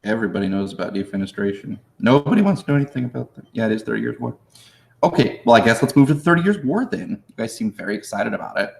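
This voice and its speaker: A man teaching history with a loose, joking manner, answering viewers in chat and slipping into slangy voices for historical figures. His voice sits at an ordinary pitch. The room around him echoes. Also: lively intonation, fast, gravelly. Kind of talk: live-streamed exam review.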